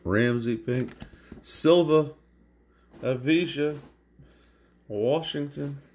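A man's voice: fairly high pitch, drawn-out words, a little mellow, a little hiss or hum. A man hosting a card break, calling out card names one at a time as he opens packs. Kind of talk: live card-break commentary. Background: crinkling and tearing of packs.

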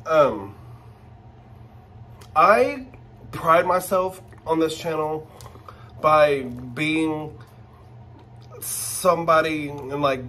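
Gushing man with a slow drawl. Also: fairly high pitch, a little hiss or hum. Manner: gushing and excitable, talks to viewers directly. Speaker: channel host. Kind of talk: casual unboxing vlog.

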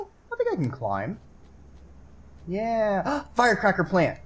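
Excitable man yelping over gameplay. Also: sits high, slow, long pauses, slightly rough. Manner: excitable, swears and yelps at the game. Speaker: streamer. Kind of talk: casual gameplay commentary.

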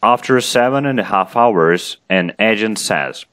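Brief: low-pitched male English tutor, native Russian speaker, reads stories aloud, then quizzes the student. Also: animated, a little slow, a bit bright. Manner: reads a story aloud, then asks questions. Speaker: English teacher. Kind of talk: online language lesson.

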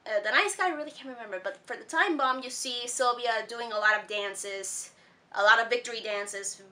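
A woman's voice: fairly high pitch, bright, forceful tone. A woman recapping a cartoon episode in a casual, rambling vlog, with lots of fillers and laughs. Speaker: cartoon reviewer. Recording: voice a bit distant from mic.

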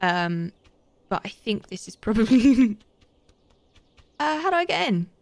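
A woman's voice: a little high, big pitch swings, unhurried, dry recording. A young woman giving chatty, giggly live commentary as she plays a game and thanks her viewers. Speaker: live streamer.

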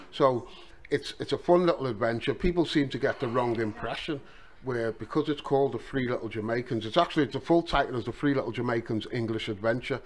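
A middle-aged man with a Liverpool accent, an author and taxi driver, chatting casually on a podcast and telling his story at an easy pace with lots of "you know" asides. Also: mid-range voice.

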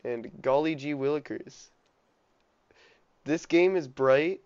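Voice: mid-range voice, takes it slowly, darkish tone, smooth, dull audio. A gamer musing aloud in casual gameplay commentary. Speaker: let's play gamer.

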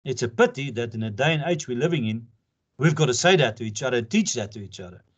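A man's voice: mid-range voice, expressive, quick pace, husky. An older man from South Africa, an advocate giving an informal lecture to pupils, earnest and jokey, laughing often. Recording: dull lo-fi lecture recording.

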